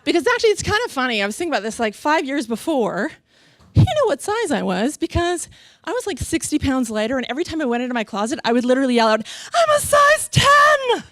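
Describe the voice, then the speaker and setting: Middle-aged woman, high and lively, comic storyteller who acts out the voices, close dry mic. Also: fast talker, no echo. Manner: animated, acts out other people's voices, laughs often.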